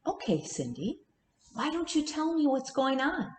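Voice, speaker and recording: A woman preacher voicing a calm female counselor asking soft, probing questions. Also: high-pitched, measured pace, reverberant.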